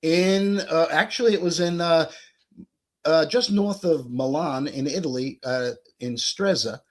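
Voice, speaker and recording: An American man in his sixties, a guest telling a career story in a casual, animated way and acting out the dialogue. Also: a little high, a little slow. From United States. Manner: animated, acts out quoted dialogue.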